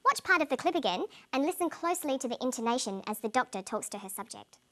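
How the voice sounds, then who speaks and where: A woman narrating a scripted English lesson, explaining clearly and plainly. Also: sits high, lively intonation, quick pace, fairly bright tone. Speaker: English teacher.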